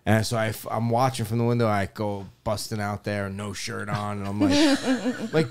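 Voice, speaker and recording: A man hosting a podcast in casual chat, telling expressive stories with profanity and laughter. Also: on the low side, normal speed. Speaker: podcast host.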